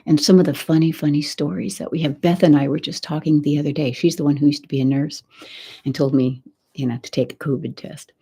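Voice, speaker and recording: A middle-aged woman hosts a soft-spoken ASMR live chat, very breathy and airy, often dropping into a whisper. Her voice sits low and mellow, and she rambles on close to the mic. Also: steady tone, fairly quick. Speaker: ASMR channel host.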